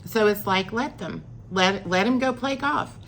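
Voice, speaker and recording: A woman's voice: mid-range voice, measured pace, a bit bright, slight background noise. A middle-aged woman, telling a personal story in a chatty vlog, acting out what people said. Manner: chatty, acts out quoted lines with rising emphasis. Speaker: vlogger.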